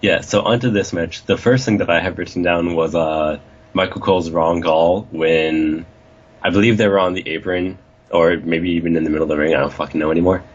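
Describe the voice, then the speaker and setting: Deep husky-voiced young man joking around. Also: fairly even intonation, brisk. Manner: rambling, jokey, profane. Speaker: podcast co-host. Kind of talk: casual wrestling review chat. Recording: dull lo-fi recording.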